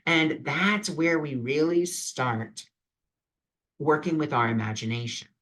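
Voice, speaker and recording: Somewhat high and a bit bright, this man's voice moves slowly as he reflects on imagination in his own vlog. He gives spiritual advice in a casual, sincere way, phrasing things loosely and using lots of fillers.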